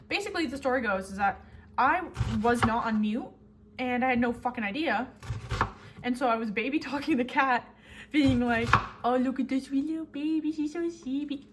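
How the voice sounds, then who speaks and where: A woman's voice: a little high, noisy background. A young woman vlogger chatting casually and rambling in a self-mocking way while she cooks at home. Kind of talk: casual chat. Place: home kitchen while cooking.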